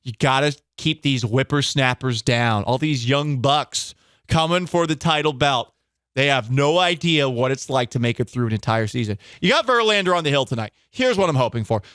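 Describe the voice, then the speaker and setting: Animated, sarcastic male sports talk host. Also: medium pitch, normal speed, smooth, no room sound, clean studio sound. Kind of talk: sports radio banter. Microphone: studio microphone.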